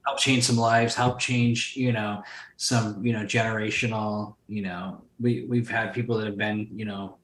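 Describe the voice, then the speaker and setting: A man's voice: on the low side, flat delivery, normal speed, a bit bright, roomy sound. A man, a guest on a podcast, talking loosely and profanely with lots of fillers. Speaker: podcast guest, solar sales company owner. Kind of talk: casual podcast interview.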